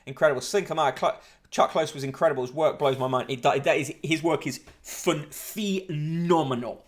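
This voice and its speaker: A man's voice: a little high, normal speed. A man hosting a casual livestream newspaper review, reading headlines aloud with dry asides and plenty of ums.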